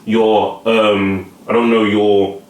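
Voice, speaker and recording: Talking straight to camera in an echoey room, a vlogger gives casual life advice as a motivational monologue. His voice is fairly low, a little mellow, slow, and flat, and he repeats and restarts words, often asking whether the listener follows him.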